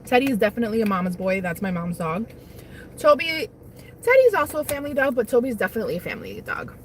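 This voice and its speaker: A woman's voice: fairly high pitch, huge pitch swings, fast talker, a little hiss or hum. A young woman hosting a casual livestream on her lunch break, rambling while she eats and reads chat. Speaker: livestream host. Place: parked car on lunch break.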